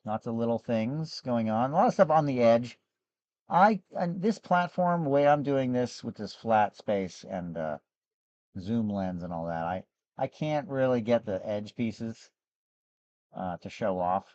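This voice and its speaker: A hoarse man, losing his voice, hosts a live gem and fossil sales show in a rambling, chatty way with frequent restarts. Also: mid-range voice, expressive, unhurried, a little mellow, no echo, highs cut off. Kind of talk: casual live-stream sales chat.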